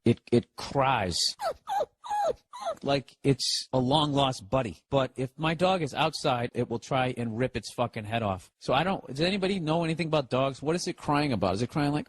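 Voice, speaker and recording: A comedian with a Boston accent rants casually and sarcastically on his podcast from his home office, rambling, swearing often, and talking to his dog. His voice is medium-pitched and husky, and the recording is dry.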